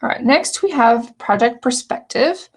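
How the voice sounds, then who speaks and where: A woman's voice: a little high, lively intonation, unhurried, breathy edge. Earnest, chatty woman teaching a hobby course. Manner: earnest, chatty, with frequent restarts. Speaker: online scrapbooking teacher. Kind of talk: casual walkthrough of course lessons.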